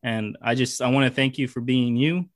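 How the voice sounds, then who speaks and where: A man's voice: medium pitch, normal speed, no room sound, clean studio sound. A man co-hosting a podcast interview, talking in an emphatic, heartfelt way and repeating phrases for emphasis. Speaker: podcast co-host. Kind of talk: casual interview chat.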